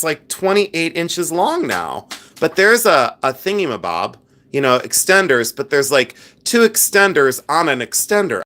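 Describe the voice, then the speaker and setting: A man hosting a casual live stream, chatty and animated, showing his flea market jewelry finds and talking to the chat. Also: fairly high pitch. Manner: chatty, animated, many fillers and asides to chat; clears throat often. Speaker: livestream host selling flea market finds.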